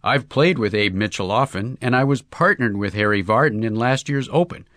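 A man's voice: mid-range voice, moderate pace, a bit bright, no echo, close to an everyday voice. A man voicing a shy, modest young golfer who speaks in bashful understatement.

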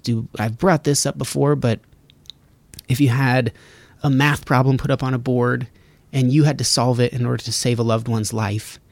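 Man, podcast host, casual rambling solo talk, gravelly voice, dry close studio sound. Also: medium pitch, fairly even intonation, moderate pace, no echo. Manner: casual, rambling, self-interrupting.

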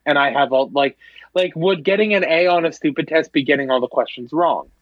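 A man's voice: a little high, a little fast, lo-fi sound. A man co-hosting a podcast in casual chat, laid-back with short agreeing replies. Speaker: podcast co-host.

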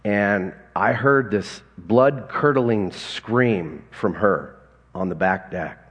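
A husky-voiced pastor preaching in a hall. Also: male voice, lowish voice, slow pace, fairly bright tone. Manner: conversational, folksy storytelling with chuckles. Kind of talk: sermon. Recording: long hall reverb.

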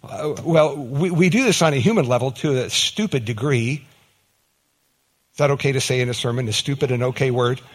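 A man preaching a sermon in a lively, conversational way, often repeating words and acting out quick mock exchanges. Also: mid-range voice. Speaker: pastor.

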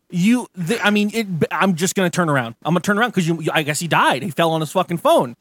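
Higher-pitched dude co-hosting a podcast, rants and swears while telling stories, dry room. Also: male voice, a little fast, dry recording. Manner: animated storytelling with swearing and mock rants. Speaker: podcast co-host. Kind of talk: casual chat.

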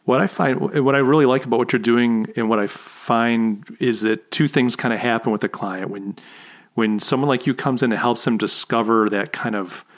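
A man's voice: mid-range voice, steady tone, normal speed. Chatty male podcast host. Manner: chatty, laughs at own jokes. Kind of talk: casual interview chat.

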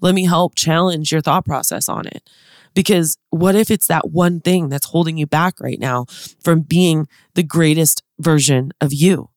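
A woman's voice: low voice, unhurried, dry recording, clean studio sound. A woman in her thirties hosting a motivational podcast, talking to listeners in an upbeat, chatty, direct way. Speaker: podcast host and business consultant.

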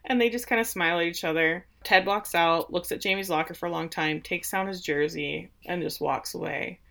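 A woman's voice: fairly low pitch, brisk, creaky, fairly bright tone. A woman co-hosting a casual chat, animatedly retelling scenes and acting out quoted lines. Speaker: podcast co-host. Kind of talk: casual chat recapping a show.

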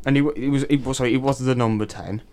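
A young man hosting a student radio show, telling stories in an excitable, rambling way. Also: medium pitch, very fast. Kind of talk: casual chat.

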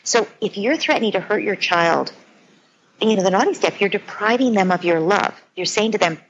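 A woman explains parenting ideas earnestly, building her points through detailed scenarios. Her voice sits at a middle pitch. The audio is dull and lo-fi, with a faint hum behind it. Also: moderate pace. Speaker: parenting expert guest. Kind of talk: conversational explanation.

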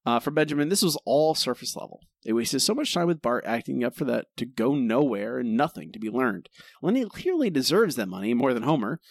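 A man's voice: medium pitch, sing-song, a little fast, gravelly, no room sound, clean studio sound. A man co-hosting a podcast, critiquing an episode in a casual, exasperated way. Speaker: podcast co-host.

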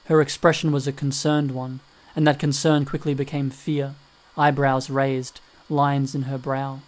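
A male audiobook narrator with a steady, even reading style. His pitch sits in a middle register and hardly moves, so the delivery sounds controlled and measured throughout.

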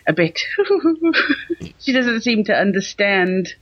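A man's voice: sits high, sing-song, slow pace, no room sound, dull audio. A man co-hosting a comedy podcast over a call, cheeky and camp with frequent laughter. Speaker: podcast co-host. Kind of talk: casual comedic chat. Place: rural house in France. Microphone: remote call.

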